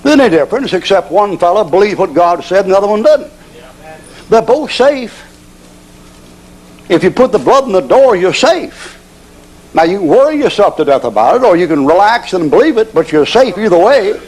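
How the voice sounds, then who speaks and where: A man's voice: high-pitched, big pitch swings, a little fast, a little mellow, rough recording. A man preaching a sermon as a folksy, humorous storyteller.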